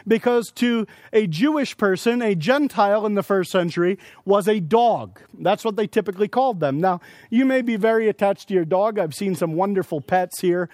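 A man's voice: sits high, moderate pace, few pauses, darkish tone, no room sound, studio quality. A man preaching a sermon at a conference, earnestly explaining scripture with everyday examples. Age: adult with young children. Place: conference session.

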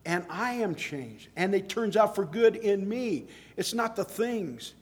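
A man's voice: high-pitched, lively intonation, unhurried. A middle-aged man preaching a sermon in a conversational way, telling stories and rising to emphatic exclamations.

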